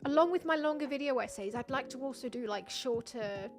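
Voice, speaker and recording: A woman's voice: high-pitched, expressive, fairly quick, soft background music. A young woman chatting casually on a livestream, rambling and self-deprecating, laughing often. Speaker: streamer.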